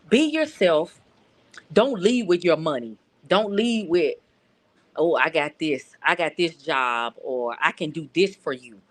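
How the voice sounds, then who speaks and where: A woman's voice: fairly low pitch, fairly bright tone. A middle-aged woman from North Louisiana calling in to a casual chat, talking earnestly and often repeating words as she searches for them. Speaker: caller.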